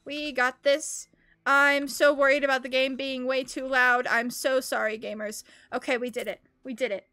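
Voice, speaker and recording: Bright, high-pitched excitable woman streamer. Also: normal speed. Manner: excitable and chatty, breaking into high giggles. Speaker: game streamer. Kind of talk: casual live gameplay commentary.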